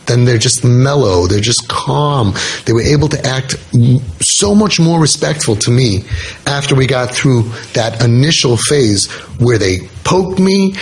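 A man's voice: on the high side, poor audio. Earnest man telling a story. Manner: earnest, repeats points for emphasis. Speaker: parenting podcast host. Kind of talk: casual talk, telling a true story.

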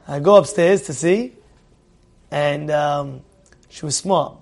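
Teaching Torah with animation, this middle-aged man takes things slowly in a slightly high voice, often pausing. He uses Hebrew terms, asks his audience questions, and repeats phrases to stress them.

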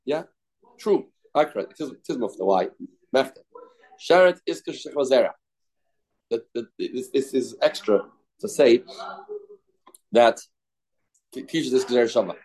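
A man leading a Talmud study class, his voice at an ordinary middle pitch. He chants phrases over and over in a sing-song rhythm and mixes English with Hebrew and Aramaic terms. He stops now and then to answer students' questions. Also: expressive, normal speed, pauses often, a little mellow. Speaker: Talmud teacher.

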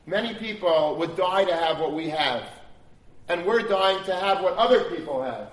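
High-ish voiced guy preaching earnestly, echoey room. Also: expressive, moderate pace. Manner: earnest, repetitive exhortation. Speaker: rabbi. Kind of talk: sermon. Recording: echoey room, mic at a distance.

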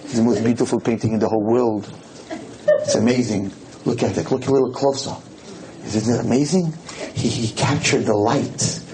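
A reverent male museum curator lingers over every word of praise, put on by a man telling a story. His tone is hushed and solemn, and he sounds like a guide showing off a treasure. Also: mid-range voice, moderate pace, noisy background, close to an everyday voice.

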